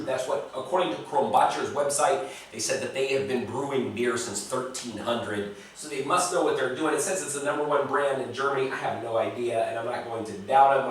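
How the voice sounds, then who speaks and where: A man's voice: medium pitch, far from the mic, a little hiss or hum. An American man reviewing beers in a casual vlog, blunt and profane, talking straight to the viewer, in a home recording. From United States. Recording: very echoey room, voice a bit off-mic.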